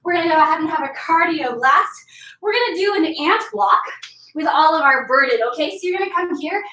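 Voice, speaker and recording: A woman's voice: extremely high pitch, expressive, a little fast, bright, forceful tone. Woman, fitness instructor, upbeat counting cues, storytelling workout, roomy, distant from mic. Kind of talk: workout class told as a story.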